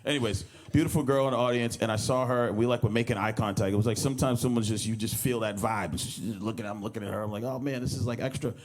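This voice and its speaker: A man with a fairly low voice gives a loose, anecdotal eulogy, the way a stand-up comedian tells a story. He rambles, restarts, and acts out other people's lines with a lifted voice. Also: a little mellow. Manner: rambling storyteller who acts out quoted lines and laughs as he goes. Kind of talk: informal anecdotal speech at a memorial. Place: memorial service hall.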